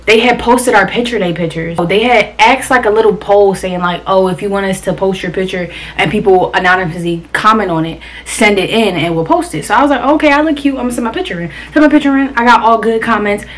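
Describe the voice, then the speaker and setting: A woman's voice: medium pitch, fast, hardly any pauses. Blunt, profane young woman telling a story. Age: young adult. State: talking around a cough drop. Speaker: vlogger. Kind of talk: storytime vlog.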